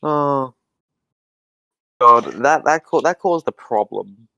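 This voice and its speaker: A man's voice: medium pitch, lively intonation, slow, creaky, sharp tone, no room sound. A young man in casual podcast chat, rambling and swearing, with many restarts. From Australia. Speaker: podcast guest.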